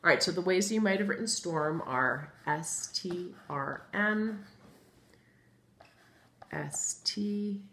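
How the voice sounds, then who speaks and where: A woman's voice: lowish voice, takes it slowly, long pauses, a bit bright, slight background noise. A woman teaching a first grade phonics lesson, patient and encouraging, spelling out words letter by letter as she writes them on a board. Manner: writes on a board while talking. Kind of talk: recorded remote phonics lesson.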